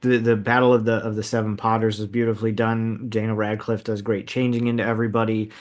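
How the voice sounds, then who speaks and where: Animated man on a casual movie podcast. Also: fairly low pitch, quick pace. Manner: animated, emphatic, repeats words when starting sentences. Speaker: podcast co-host.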